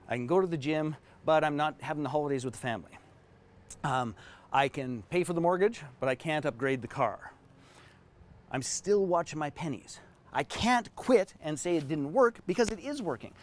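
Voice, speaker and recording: A man giving an online business training session in an emphatic, animated way while drawing diagrams. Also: fairly high pitch. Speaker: business coach.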